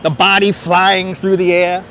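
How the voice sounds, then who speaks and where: A man with a fairly high voice giving sarcastic running commentary as he walks. He talks into a clip-on mic outdoors. Faint traffic hums in the background. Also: little pitch movement, a little slow, a bit bright. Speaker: livestreamer. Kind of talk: casual walking livestream. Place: outdoors on city streets. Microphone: wireless clip-on mic.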